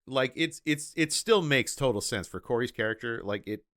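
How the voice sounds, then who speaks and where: A man's voice: medium pitch, expressive, a bit bright, no room sound, studio quality. A man co-hosting a podcast, talking eagerly about a movie, often stopping and restarting his sentences. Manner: enthusiastic, halting, lots of restarts and "like". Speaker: podcast co-host. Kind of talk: casual movie-recap chat.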